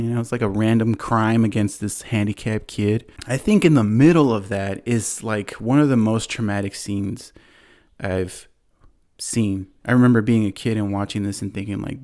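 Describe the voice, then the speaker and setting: Low-voiced man rambling through a story. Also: normal speed, a little mellow. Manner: rambling, filler-heavy, laughs often. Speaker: podcast host. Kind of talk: casual chat, retelling a movie plot.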